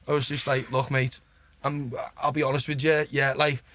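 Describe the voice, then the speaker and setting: A man's voice: mid-range voice, moderate pace. A man with a Liverpool accent, a podcast guest telling stories in a chatty, sweary way and keeping on asking "do you know what I mean". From Liverpool, England. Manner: gets excited and laughs while telling stories. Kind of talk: casual anecdote-telling.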